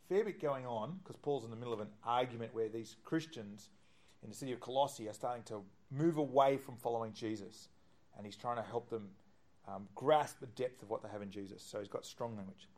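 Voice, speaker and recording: A middle-aged man preaching from the pulpit. His voice sits at a middle pitch and swings from soft, hushed quoting to loud bursts of emphasis. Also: brisk. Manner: animated, quoting with shifts between hushed and loud. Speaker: pastor. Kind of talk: sermon.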